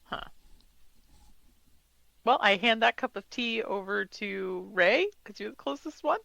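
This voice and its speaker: A player at a tabletop game, relaxed and wry. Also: medium pitch, measured pace, gravelly, dry recording, poor audio. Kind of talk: casual tabletop play.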